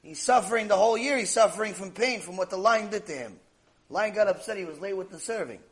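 A man's voice: sits high, expressive, quick pace. A man giving a Torah class, telling the story with animation and acting out the dialogue. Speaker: Torah lecturer.

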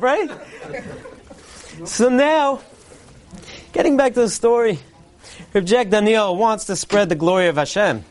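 A man delivering a parody Purim sermon, a mock-earnest preacher cadence and deadpan punchlines. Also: high voice, measured pace, long pauses. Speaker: comedian delivering a mock Purim Torah speech.

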